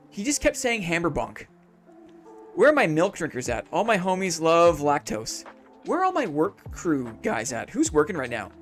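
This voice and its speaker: A man's voice: on the high side, fairly bright tone. A man from Canada, streaming a game live and chatting with his viewers in a goofy, joking way. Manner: goofy, jokey, chatty with chat.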